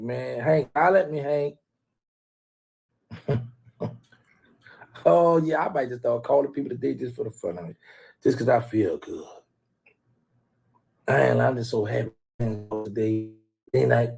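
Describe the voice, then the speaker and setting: A man rambles through a casual live stream, ribbing rival fans and shouting out viewers one by one. His voice is gravelly with fry, a bit husky and rough around the edges, sitting at an ordinary pitch. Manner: teasing, rambling, trash-talking, shouts out viewers.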